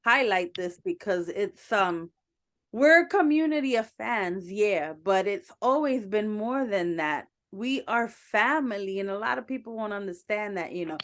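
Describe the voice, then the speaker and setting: A woman's voice: medium pitch, animated, unhurried. A woman hosting a podcast interview in casual chat, talking emphatically and straight to the listener. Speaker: podcast host.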